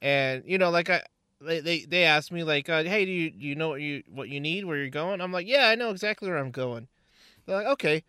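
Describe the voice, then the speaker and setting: A man's voice: fairly high pitch, fairly quick, sharp tone, smooth, no room sound, studio quality. A man chatting casually with a friend, joking, laughing and swearing as he tells a short story. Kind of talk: casual chat.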